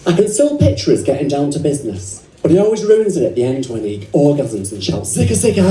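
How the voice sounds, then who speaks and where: A woman with an English accent performing live stand-up as a brassy, cheeky female nurse character, teasing the audience with bawdy jokes. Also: sits low. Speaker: stand-up comedian. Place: comedy club stage. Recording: roomy live venue from far off, crowd laughter.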